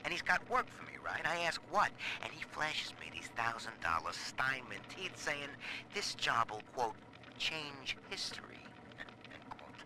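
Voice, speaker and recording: A man's voice: mid-range voice, big pitch swings, measured pace, noisy background. An actor playing a male reporter in a game audio diary, telling his story in a wry, sardonic way. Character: adult male journalist recording a cynical diary.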